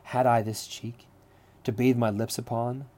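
A man reading the lines of a scheming, smooth-talking Italian nobleman, delivering old verse in a measured way. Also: medium pitch, level tone, dark tone, natural voice. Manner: reads verse aloud plainly, measured.

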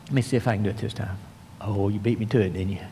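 A man preaching a sermon in a folksy storytelling manner, swinging between animated emphasis and hushed, soft passages. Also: lowish voice, fast, a little hiss or hum. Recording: long reverb, large hall.

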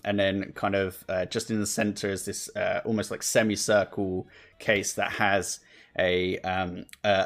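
A man narrating as game master in a relaxed, rambling way with many fillers. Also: on the low side.

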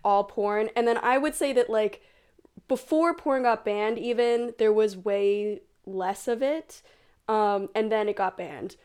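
A woman's voice: medium pitch, unhurried, darkish tone, clear, resonant tone. A woman guest on a podcast, chatting and laughing at herself in a casual way. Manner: laughing, self-mocking, chatty. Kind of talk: casual chat.

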